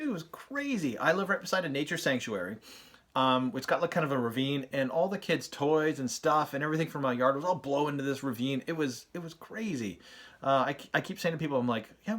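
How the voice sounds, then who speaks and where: Guy chatting on camera about tips, rambly and friendly, lots of ums and restarts, mid pitch. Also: a bit bright. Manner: chatty, storytelling, many fillers and restarts. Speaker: host of an SEO channel. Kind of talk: casual talking-head advice.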